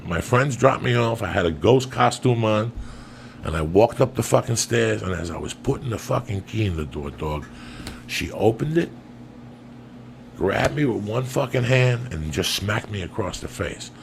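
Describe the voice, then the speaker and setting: Gravelly profane storyteller man. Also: on the low side, expressive, moderate pace, noisy background. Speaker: comedian and podcast host. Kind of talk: storytelling on a podcast.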